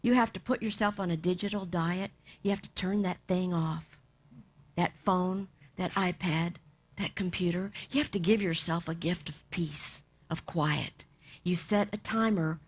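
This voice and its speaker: A woman minister giving a sermon, lively, acting out bits of the story and dropping to soft near-whispers for emphasis. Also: fairly low pitch. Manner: animated, acts out voices, drops to soft near-whispers.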